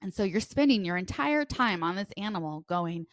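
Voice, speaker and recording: A woman talks quickly and a little nervously, piling up fillers and restarting her sentences. Her voice sits in a middle range. The sound is dry and close to the mic, with no room around it. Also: mid-range voice, expressive, no echo. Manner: fast, restless talk with many fillers and restarts. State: nervous and sweaty. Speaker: podcast co-host. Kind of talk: casual podcast chat.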